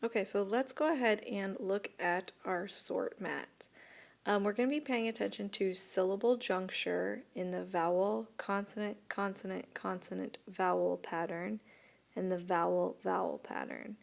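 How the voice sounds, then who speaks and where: A woman teacher speaks slowly and patiently as she records a video lesson. Her voice has a gravelly edge of fry, and she walks her students through each step. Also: medium pitch, steady tone. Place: voice-over for an interactive whiteboard video.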